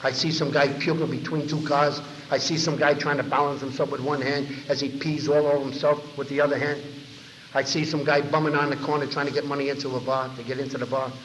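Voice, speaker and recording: A recovery meeting speaker from New York tells a lively story to a big convention hall crowd, rattling along and performing other people's lines in a medium-pitched voice. A slight hiss or hum sits on the dull 1990 tape, which has long echo.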